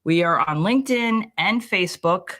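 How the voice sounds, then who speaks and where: A woman's voice: lowish voice, lively intonation, moderate pace, fairly bright tone. A woman co-hosting a casual live stream, who laughs often and rambles with self-deprecating asides. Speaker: co-host.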